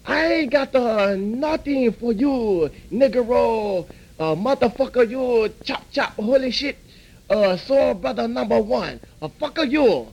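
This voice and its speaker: A man's voice: sits high, sing-song, darkish tone, husky, full character voice. A man doing a stubborn, rude restaurant worker. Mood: insulting. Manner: halting broken English, full of "uh".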